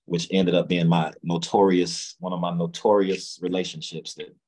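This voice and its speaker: A man's voice: low-pitched, flat delivery, normal speed, a little mellow. A man from Memphis with a Southern accent, telling a long story in a casual interview, repeating words and acting out quotes. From Memphis, Tennessee, US. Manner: rambling, repeats words, acts out quotes in raised voice. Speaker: guest, music executive.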